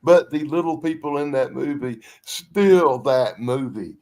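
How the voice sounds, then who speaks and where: A man with a middle-pitched voice who gushes about films he loves, stumbling and restarting as he goes. He speaks in easy, casual conversation. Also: lively intonation, unhurried, darkish tone. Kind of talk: casual chat.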